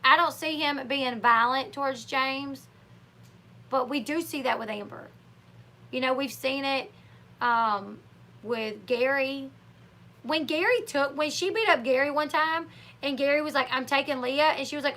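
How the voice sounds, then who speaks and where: A high, bright-toned woman with a twang talks through a casual livestream. She is opinionated and chatty, and she often acts out what other people said in lively put-on voices. Her voice sits high and sounds clear and forward. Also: moderate pace. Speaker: livestream host. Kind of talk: casual live chat commentary.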